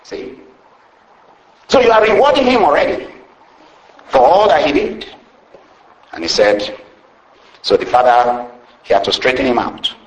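Retelling a parable in his sermon, a man tells the story with lively energy yet a little slowly, leaving long pauses and asking "see?" after each point. His voice is mid-range, and the recording has a roomy echo.

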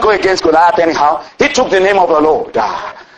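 A man with a high voice delivers a storytelling sermon. He preaches in an animated way, with sudden exclamations and chuckles between his points. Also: fairly quick, a crowd in the background, low-quality recording.

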